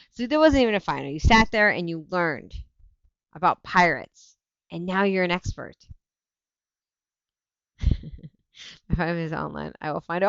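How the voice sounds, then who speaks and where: Animated woman hosting a livestream chat. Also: on the low side, smooth, dry recording, lo-fi sound. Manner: animated, laughing often, self-interrupting. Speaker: livestream host. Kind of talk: casual chat reading viewer comments.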